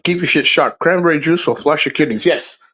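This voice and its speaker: A man's voice: fairly high pitch, a little fast, pushed and bright, poor audio. Rambling, foul-mouthed man hosting a stream. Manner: rambling, profane, jokey. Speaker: livestream host. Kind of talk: casual livestream chat.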